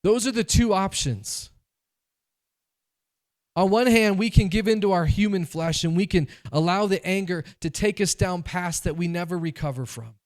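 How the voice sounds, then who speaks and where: A man delivers a sermon from the pulpit in an animated, conversational way. His voice sits a touch higher than most men's, and he acts out quoted voices as he goes. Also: moderate pace. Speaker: pastor.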